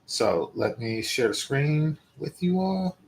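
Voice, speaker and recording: A man's voice: medium pitch, animated, slow pace, gravelly, darkish tone, a little hiss or hum. A man in his forties hosting casual, opinionated commentary and speaking directly to his viewers. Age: 40s. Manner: conversational, opinionated, addressing viewers. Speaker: host.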